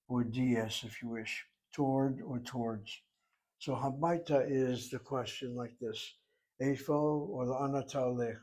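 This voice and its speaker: A man's voice: mid-range voice, darkish tone, low-quality recording. A man teaching a Hebrew lesson, explaining words step by step and spelling some out letter by letter.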